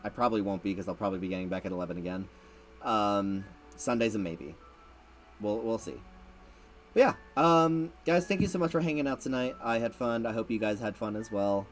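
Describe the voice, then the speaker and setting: A man's voice: on the low side, lively intonation, brisk, soft background music. A man hosting a casual late-night stream chat, rambling and repeating words, laughing often. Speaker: streamer host.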